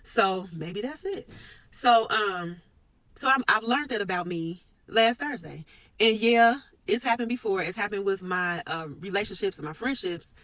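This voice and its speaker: A woman talking earnestly about her work and her faith in a personal vlog, with sudden lifts in pitch and force. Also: a little slow, fairly bright tone, no echo, rough recording. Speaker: medical worker sharing a personal reflection.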